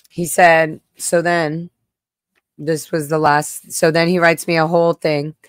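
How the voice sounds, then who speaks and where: A woman with a fairly low voice hosts her own livestream, speaking candidly and with raw emotion. She curses bluntly and reacts sharply as she reads messages aloud. The sound is dry and close to the mic, with no room echo. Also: clean tone. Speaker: livestream host. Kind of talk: candid personal livestream talk.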